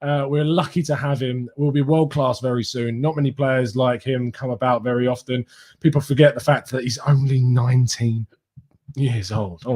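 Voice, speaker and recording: A man's voice: medium pitch, steady tone, normal speed, darkish tone. A young man, hosting a casual fan live stream, reading viewer comments and laughing often. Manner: chatty, laughs often, reads comments aloud. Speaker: fan channel host reading live chat.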